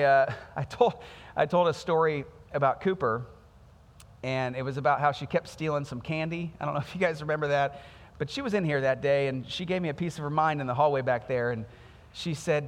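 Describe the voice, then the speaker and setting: A man in his thirties, a pastor preaching a sermon in a conversational, storytelling way with animated quoted voices. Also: on the high side, a little fast. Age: 30s. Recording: music underneath, long hall reverb.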